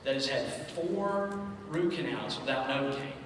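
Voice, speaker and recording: A man's voice: medium pitch, normal speed, a bit bright. A man speaking as a son at a memorial, telling affectionate, humorous stories about his father. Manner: affectionate, joking storyteller. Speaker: son giving a eulogy. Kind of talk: memorial tribute speech. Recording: echoey hall, distant mic, background noise.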